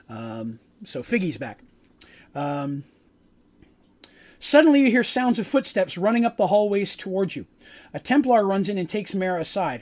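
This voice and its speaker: A man game master recapping a tabletop game session, rambling with many fillers and asides. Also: sits high.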